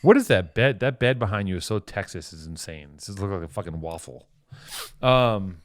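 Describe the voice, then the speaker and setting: A man's voice: low voice, lively intonation, normal speed, no echo, studio quality. A man co-hosting a casual podcast, teasing his guest with crude jokes and rambling through long stories. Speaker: podcast co-host.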